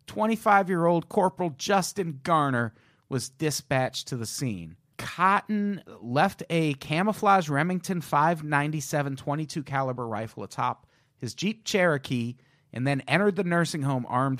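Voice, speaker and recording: A man with a fairly high voice co-hosts a comedy true-crime podcast, casually reading the case, swearing, and going off on joking tangents. His pitch swings widely as he jokes around, and the recording is dry and close with no room sound.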